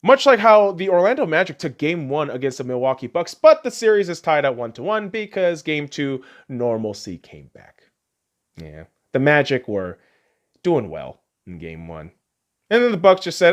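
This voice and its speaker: A man hosting a podcast, delivering a profane, heckling sports rant in a casual, animated way. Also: fairly high pitch, moderate pace. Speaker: podcast host.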